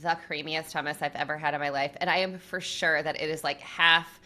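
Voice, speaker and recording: A woman co-hosting a casual cooking podcast, upbeat and full of quick reactions. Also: deep voice, fairly even intonation, pushed and bright. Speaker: podcast co-host.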